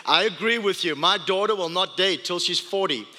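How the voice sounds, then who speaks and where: Male pastor, high and bright voice, lively playful storyteller, big hall echo. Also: moderate pace. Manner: animated, playful storytelling with laughs. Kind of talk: storytelling sermon. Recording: long hall reverb.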